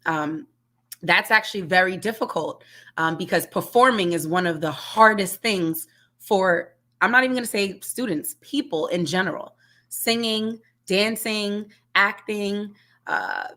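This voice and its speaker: A woman's voice: lowish voice, a bit bright. Earnest woman teacher on a video call. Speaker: music teacher. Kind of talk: panel discussion.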